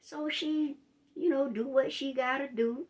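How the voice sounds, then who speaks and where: A woman's voice: sits high, a little slow. Chatty woman telling a story to viewers. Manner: chatty, talks straight to viewers; expressive, retelling with drama. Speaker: life coach. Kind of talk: storytime vlog.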